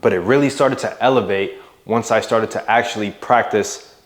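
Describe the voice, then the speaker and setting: Young adult man, fairly low voice, motivational coach, casual monologue, emphatic stresses, rising and falling delivery. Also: moderate pace. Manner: emphatic, varies loudness and pitch for emphasis, casual with "bro" and "right?". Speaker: mindset and fitness coach.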